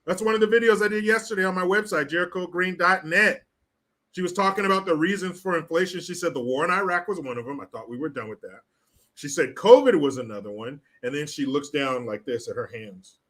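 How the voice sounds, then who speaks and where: A man's voice: fairly high pitch, a little fast, fairly bright tone. A man hosting a live stream, mocking and profane in casual commentary as he reads out viewer chat.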